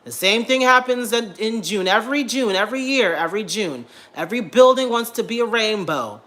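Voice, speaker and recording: Blunt, animated young man ranting. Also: sits high, fairly quick. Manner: animated, repetitive, blunt and profane. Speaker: vlogger. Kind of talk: casual vlog rant. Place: home.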